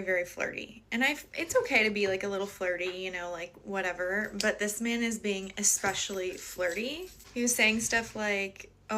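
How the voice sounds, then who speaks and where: A young woman telling a dating story in a quick, sassy, wry way. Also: mid-range voice, bright, forceful tone, a little hiss or hum. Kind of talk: casual storytime chat.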